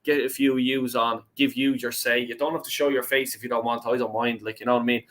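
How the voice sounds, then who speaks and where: Reading chat messages aloud and swearing liberally, a young Irish man runs a fan call-in live stream in a relaxed, chatty way. He talks quickly in a level, medium-pitched voice with a fairly bright tone.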